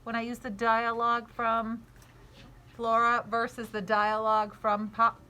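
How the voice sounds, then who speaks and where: A woman teacher in her thirties, reading aloud to children in an animated, encouraging way. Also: fairly high pitch, a little slow.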